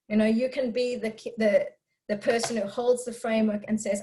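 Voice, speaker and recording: Woman with a higher voice, candid and chatty, fielding parenting questions live. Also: steady tone, fairly quick, mellow, rough recording. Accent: non-Israeli English speaker living in Israel. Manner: candid, chatty, laughs often. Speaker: parenting speaker answering questions. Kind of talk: live talk with audience questions.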